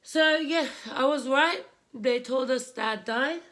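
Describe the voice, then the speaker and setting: Young woman vlogger, tearful and halting, a little high-pitched, speaking close to a camera at home. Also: steady tone, fairly bright tone. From Australia. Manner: tearful, halting, repeats herself. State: crying. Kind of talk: emotional personal story while doing makeup. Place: home room, indoors.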